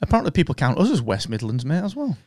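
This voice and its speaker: A man's voice: a little high, huge pitch swings, fast talker, a little mellow, dry recording, clean studio sound. A man with a Yorkshire accent co-hosting a casual podcast, laid-back and rambling in a matey way. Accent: Yorkshire English. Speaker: podcast co-host.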